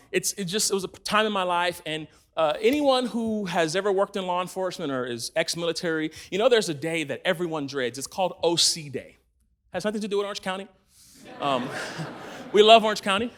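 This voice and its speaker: Man, very high pitch, church sermon, energetic storytelling, bursts of laughter and shouting. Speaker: church team speaker.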